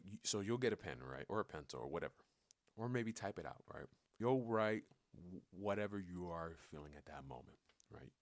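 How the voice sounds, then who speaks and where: A man's voice: low-pitched, dry recording. A man talking candidly in a personal vlog, rambling and swearing, with frequent stammering restarts. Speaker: vlogger.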